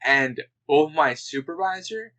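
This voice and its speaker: A man from Canada, telling an animated story in a casual podcast chat. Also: fairly high pitch, unhurried, low-quality recording. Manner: animated storyteller, chatty and relaxed.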